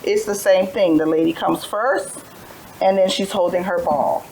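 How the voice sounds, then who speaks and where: A woman's voice: lowish voice, normal speed, darkish tone, slight background noise, poor audio. A tired woman teaching a phonics lesson to young children, telling little stories with letter sounds in a patient sing-song way. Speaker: preschool teacher.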